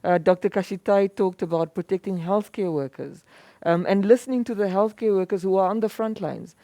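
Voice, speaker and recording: Woman moderator, mellow and dry, earnest wrap-up. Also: medium pitch, a little fast, dry recording. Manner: earnest, wrapping up with thanks. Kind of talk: panel discussion.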